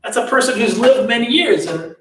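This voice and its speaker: A man's voice: extremely high pitch, fairly quick, a little hiss or hum, pitched above the performer's own voice. A man voicing a male servant who explains things in a patient, matter-of-fact way, heard in a roomy space from a distance. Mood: explaining. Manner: flat, explaining tone.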